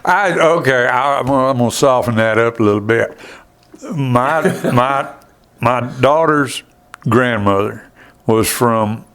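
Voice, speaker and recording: A man's voice: medium pitch, a little slow, fairly bright tone, smooth. A man hosting a casual podcast conversation, folksy and laughing easily as he rambles through asides. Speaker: podcast host.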